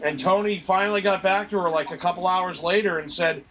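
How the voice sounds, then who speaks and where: Bright, high-voiced man telling a story. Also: a little fast. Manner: animated storytelling, heavy swearing. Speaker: gamer chatting while playing. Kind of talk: casual chat.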